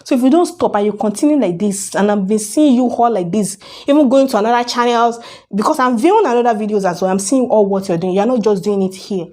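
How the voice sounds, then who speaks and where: A woman's voice: mid-range voice, fast, mellow. A young woman ranting to camera in a casual vlog, arguing her point with a stream of rhetorical questions. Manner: argumentative, fires rhetorical questions. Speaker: vlogger. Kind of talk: casual opinion rant to camera.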